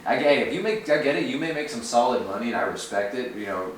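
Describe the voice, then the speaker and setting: A man's voice: mid-range voice, expressive, fast talker. A man in his twenties telling a story in casual podcast chat, rambling with lots of fillers and swearing. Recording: echoey room, far from mic, faint noise.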